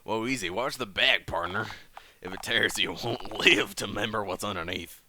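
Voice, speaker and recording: A man voicing an old-fashioned cowboy gunslinger from space, with a gruff, proper drawl full of "partner" and "tarnation". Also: lowish voice, normal speed, bright, forceful tone, a little hiss or hum. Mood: warning.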